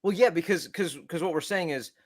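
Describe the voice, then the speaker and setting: A man's voice: fairly high pitch, a little fast, no echo, clean studio sound. A man co-hosting a developer podcast, telling stories in a casual, rambling way with many restarts. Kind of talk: casual tech chat.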